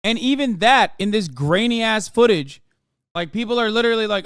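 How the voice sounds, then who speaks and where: High-voiced man ranting heatedly at chat. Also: big pitch swings, brisk, fairly bright tone, clear, resonant tone. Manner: talks straight to his chat. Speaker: livestream host. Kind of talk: reacting to video for live chat.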